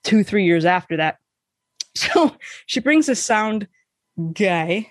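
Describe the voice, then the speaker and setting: A woman co-hosting a podcast, telling a story in casual chat, animated and swearing freely, acting out the voices she quotes. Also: medium pitch, slow pace, no room sound, clean studio sound. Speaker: podcast co-host.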